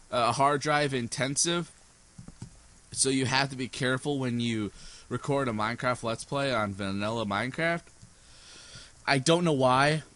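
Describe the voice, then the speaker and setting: A man's voice: medium pitch, pushed and bright. A sleep-deprived man hosting a casual gameplay commentary, rambling giddily and breaking into screams and laughs. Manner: giddy, rambling, prone to sudden screams and laughter. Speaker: gaming channel host. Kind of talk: casual let's play commentary.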